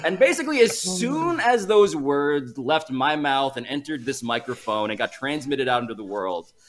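A man co-hosting a sports podcast, telling stories in a playful, animated way. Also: mid-range voice, normal speed. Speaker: podcast co-host, fan. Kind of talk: casual sports chat.

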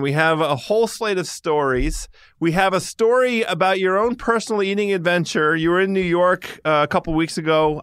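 A man's voice: on the high side, fairly bright tone, smooth, no room sound, clean studio sound. A middle-aged man hosting a casual food chat, rambling and hesitant with many restarts. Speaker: podcast host.

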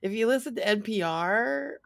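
Female co-host, gravelly, relaxed casual chat. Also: a little high, normal speed, no echo, clean studio sound. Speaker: podcast co-host.

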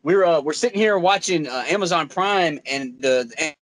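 A man's voice: fairly high pitch, expressive, normal speed. A man in casual chat, blunt and swearing freely, often quoting others.

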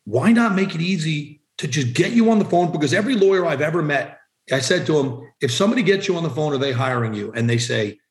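Podcast guest: man with a slightly high voice, direct and emphatic, recorded in a roomy space. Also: expressive, fast, hardly any pauses. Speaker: vanity phone number seller. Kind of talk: conversational podcast interview answers.

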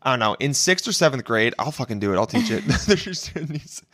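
A man's voice: medium pitch, sing-song, brisk, a bit bright, no room sound, studio quality. A man hosting a loose, joking chat, cursing freely. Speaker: podcast host. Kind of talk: casual chat.

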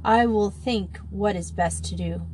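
A woman voicing a courteous, formal Austrian gentleman in a story reading. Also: medium pitch, unhurried, a little hiss or hum, lightly acted. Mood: calm.

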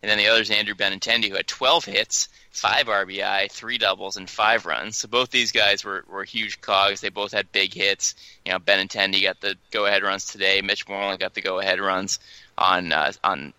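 A man co-hosting a casual baseball talk show, chatty and lively, often mimicking players in quotes. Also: sits low, normal speed, clean tone, dry recording, rough recording. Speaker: sports podcast co-host.

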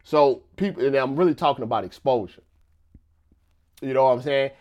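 Male live streamer, casual rambling chat, repetitive and conversational, middle-pitched voice. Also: fairly quick, lo-fi sound. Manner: loose and conversational, stacks up "you know" and repeats himself.

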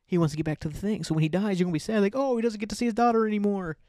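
Guy ranting solo about bad movies, kinda high voice, swears a lot, dry close mic. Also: fairly even intonation, rapid-fire, a little mellow, no echo. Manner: profane, sarcastic, rambling. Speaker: podcast host. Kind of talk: casual solo movie rant.

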